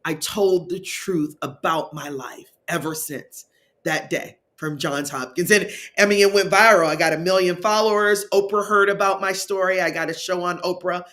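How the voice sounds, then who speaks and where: A woman speaker on a live panel, telling a personal story in an emphatic, expressive way. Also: on the low side, normal speed. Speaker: keynote speaker and wellness coach.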